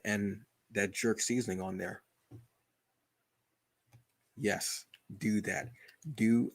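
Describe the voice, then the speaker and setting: A man's voice: on the low side, vocal fry, slightly rough, no room sound. A man hosting his own livestream, chatting casually in a rambling, self-deprecating way. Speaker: channel host.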